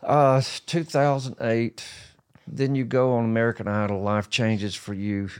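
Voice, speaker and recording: A man's voice: medium pitch, flat delivery, unhurried, clean tone. A middle-aged man, a pastor, hosting a casual interview; he speaks expressively and laughs easily. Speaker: pastor, host.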